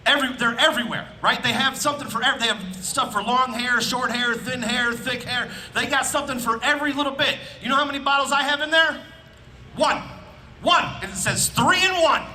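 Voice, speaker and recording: A man from Indiana performing a loud, animated stand-up comedy set on an outdoor festival stage, speaking into a handheld mic. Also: very high voice, a little fast, slight background noise, poor audio. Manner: loud, animated, punching up lines with shouts.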